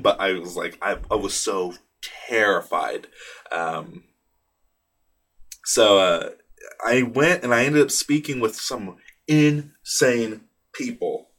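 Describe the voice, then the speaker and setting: A man's voice: fairly low pitch, a bit bright. A young man hosting a casual solo podcast, rambling with lots of fillers, restarts and swearing, laughing at himself. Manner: rambling, profane, self-deprecating, many fillers and restarts. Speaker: podcast host. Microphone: studio microphone in a small booth.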